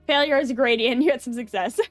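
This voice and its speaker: A young woman streamer talking in a loose, rambling way, full of "like" and little laughs. Her voice sits a bit high, and the recording is close and dry with faint music underneath. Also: fast talker, dry recording. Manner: rambling, filler-heavy, giggly. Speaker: VTuber streamer. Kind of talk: casual live-stream chat.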